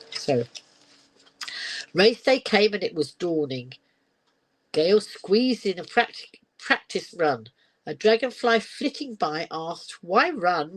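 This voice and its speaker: A woman's voice: sits low, dry recording, poor audio. Older woman, grandmother, reading a picture book aloud, chatty asides. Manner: chatty asides, laughs often. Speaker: storyteller and live streamer.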